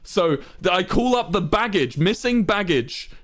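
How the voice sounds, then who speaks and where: A young man streaming and telling his chat a long story in an exasperated, swearing, animated rant. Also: sits high, unhurried. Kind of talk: casual storytelling to a live chat.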